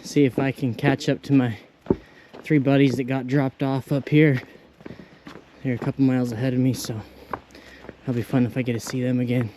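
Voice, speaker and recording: A man's voice: mid-range voice, flat delivery, moderate pace, pauses often, background noise. A young man vlogging casually while hiking outdoors on a rural trail, rambling and easily delighted, talking into a handheld camera. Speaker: thru-hiker vlogger.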